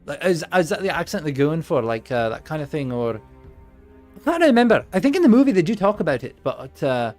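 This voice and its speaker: Male streamer GM, casual, quick to joke and laugh, animated pitch. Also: soft background music. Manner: laughs often, jokey, swears. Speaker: game master and streamer.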